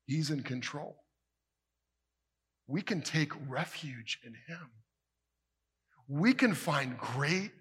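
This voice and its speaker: A male pastor preaching a sermon emphatically, building to forceful peaks and dropping to hushed line endings. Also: a little high, lively intonation, slow pace, pauses often, husky. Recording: long reverb of a large hall.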